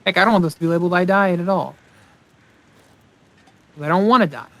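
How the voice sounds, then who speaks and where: A man's voice: high-pitched, fast talker, a bit bright. A man hosting a let's play, giving casual gameplay commentary and rambling aloud as he thinks, often mocking himself.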